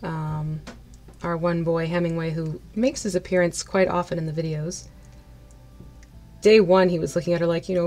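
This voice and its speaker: A woman chatting casually on a live stream while she paints miniatures. She laughs often and greets her viewers brightly by name. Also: fairly low pitch, steady tone, moderate pace, pauses often, soft background music.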